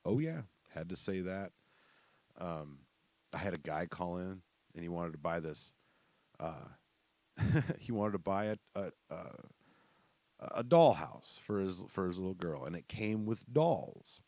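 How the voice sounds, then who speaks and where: Deep-voiced joking man telling stories. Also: animated, measured pace, warm tone, no room sound. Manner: profane, joking, laughing asides. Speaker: podcast host. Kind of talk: casual storytelling.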